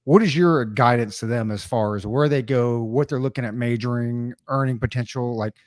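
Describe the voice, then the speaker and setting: Man, podcast host, casual storyteller, mid-pitched voice, dry close mic. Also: moderate pace, dry recording. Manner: storytelling, animated quoting of others. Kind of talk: casual chat.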